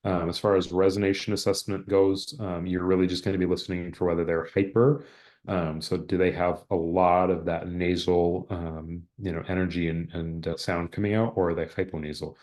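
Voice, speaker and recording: A man's voice: deep voice, little pitch movement, moderate pace, darkish tone. A man presenting an exam-prep online lecture over a video call, explaining in a conversational way and saying example sentences aloud.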